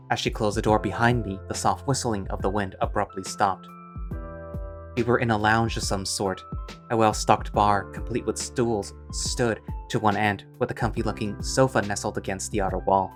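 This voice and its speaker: A man reading a first-person story aloud in a wry, conversational way. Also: lowish voice.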